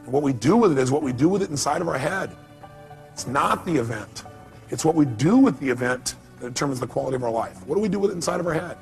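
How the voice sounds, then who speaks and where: Man, high voice, motivational seminar talk, repeats lines, asks the crowd questions, faint music under. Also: animated, fast, gravelly, a little mellow. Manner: emphatic, repeats key phrases, quizzes the audience. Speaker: motivational speaker. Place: seminar hall.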